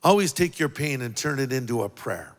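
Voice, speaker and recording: A man preaching a sermon as pastor, talking conversationally, dropping low for quoted words and rising for emphasis. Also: expressive, fairly quick. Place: large church auditorium. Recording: long reverb of a large hall.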